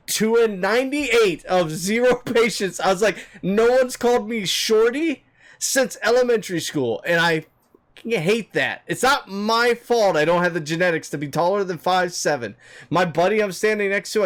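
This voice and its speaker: A young man and live streamer casually telling his chat a story, animated, dropping to low mutters and jumping up high when he mimics people.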